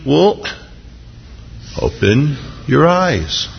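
A gravelly, slightly husky man preaches a sermon, animated and lively as he acts out quotes. The sound is dull and lo-fi, with a long reverb trailing off in a large hall. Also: normal speed. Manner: animated, jumps into high excited voices when acting out quotes. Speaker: pastor.

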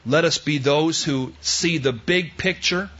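A male preacher with a bright, forceful voice delivers a sermon slowly and deliberately. He swings from loud, emphatic lines to hushed, tender quotes. The recording is dull and lo-fi. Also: fairly high pitch.

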